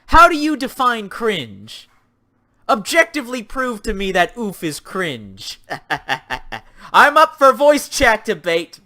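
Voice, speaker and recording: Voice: medium pitch, bright, forceful tone. A young adult livestream host chatting casually with viewers, reading chat aloud and ranting sarcastically about games.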